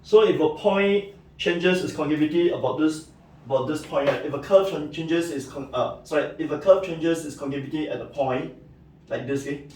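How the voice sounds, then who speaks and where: A man's voice: on the high side, moderate pace, darkish tone. A man giving a recorded math lecture, explaining step by step and checking in with "right?" and "okay". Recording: echoey room, mic at a distance.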